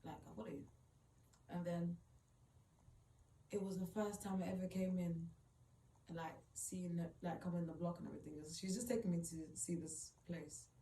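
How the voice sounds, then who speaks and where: A woman's voice: lowish voice, steady tone, normal speed, mellow, a little hiss or hum. A woman retelling a personal story in an emotional, rambling way, full of "like". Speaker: vlogger. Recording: roomy, distant mic, faint ambience.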